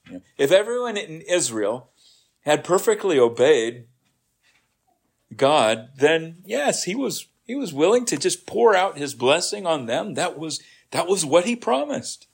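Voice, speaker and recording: A man's voice: on the high side, big pitch swings, a little slow, vocal fry, husky. A man preaching a sermon after a scripture reading, explaining in a conversational way and often checking in with the congregation. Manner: conversational, frequent "right?" checks, restarts.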